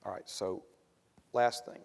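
A man preaching a sermon as pastor, building to emphatic bursts and repeating refrains. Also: a little slow. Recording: long hall reverb.

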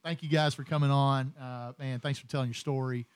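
A man's voice: medium pitch, steady tone, a little fast, clean tone, dry recording. A man with a Southern accent hosting a podcast, joking casually and thanking guests as he wraps up. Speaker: podcast host. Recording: faint music behind.

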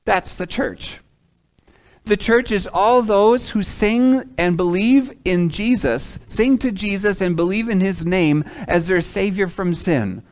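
A man's voice: sits high, slow pace. Dramatic man preaching a sermon. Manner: dramatic preaching, swinging from loud emphasis to hushed lines; acts out the prophet's and God's words in quoted asides. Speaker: pastor.

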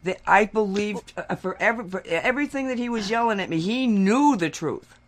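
A man co-hosting a talk show, telling a rambling story in casual chat and getting louder and more animated as he goes. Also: fairly quick. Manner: animated, getting louder and higher when worked up; rambling with restarts and acted quotes.

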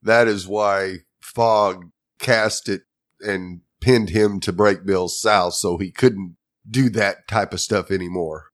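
A man's voice: sits low, slow. A man co-hosting a casual show, reading out ratings figures steadily and giving short replies. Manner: steady, brief agreeing replies. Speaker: podcast co-host.

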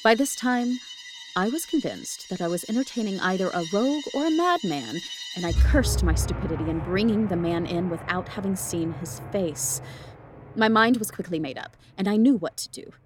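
A woman host reads a ghost story aloud in a lowish voice, giving the narrator's fear lively expression. She breaks off now and then for a casual aside, with faint music under her. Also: moderate pace. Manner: expressive, laughs at the text between passages.

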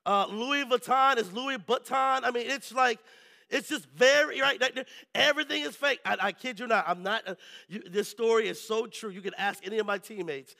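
A male pastor preaching a sermon, telling lively stories and often checking in with the congregation. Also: very high-pitched, moderate pace, gravelly. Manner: lively storytelling, keeps asking the crowd "right?".

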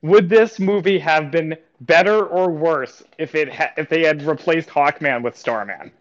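A man co-hosting a casual chat about an animated film, rambling with many fillers and restarts. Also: fairly high pitch, unhurried, highs cut off. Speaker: podcast co-host.

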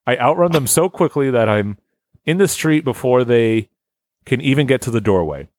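A man's voice: medium pitch, animated, moderate pace, a little mellow, no room sound. A man hosting a podcast, reading a listener's story aloud in casual chat, often breaking into laughter and stumbling over words.

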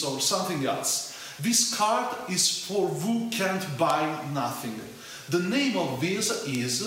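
A man's voice: on the high side, sharp tone. A man from Italy with an Italian accent, a church founder playfully teaching a phrase in a recorded video greeting. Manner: playful, teacherly, slow repetition. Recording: very echoey room with faint hiss.

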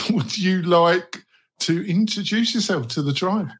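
A man hosting a roundtable podcast, joking and laughing with many halting fillers. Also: sits high, fairly bright tone, slightly rough. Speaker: podcast host. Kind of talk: casual roundtable chat.

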